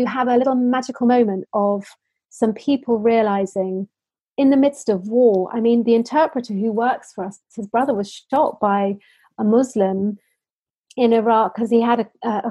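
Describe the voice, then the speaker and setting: A woman's voice: on the high side, normal speed, warm tone, slightly rough, dry recording. A woman from the United Kingdom, a social enterprise founder, answering interview questions in earnest stories full of restarts and fillers.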